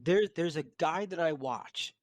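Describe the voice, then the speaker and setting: A man's voice: on the high side, a little slow, dry recording. A man, co-hosting a podcast with playful, jokey banter. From Philadelphia. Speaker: podcast co-host.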